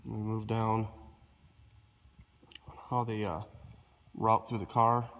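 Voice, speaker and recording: A man with a cold, sounding rough and nasal, filming himself with a handheld camera while casually explaining a car repair, hesitant and apologetic. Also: lowish voice, slow, highs cut off. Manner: relaxed, hesitant, apologetic asides. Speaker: DIY car mechanic. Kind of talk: casual how-to walkthrough.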